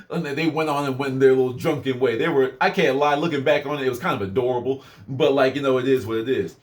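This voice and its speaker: A man's voice: fairly high pitch, fairly quick. A young man casually telling a personal story in a rambling way, full of fillers and asides. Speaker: vlogger.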